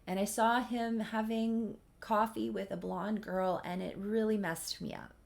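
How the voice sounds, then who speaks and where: A woman's voice: medium pitch, fairly even intonation, a little slow, creaky. A woman voicing a brooding, grieving man in a life-simulation game story, speaking in a subdued way.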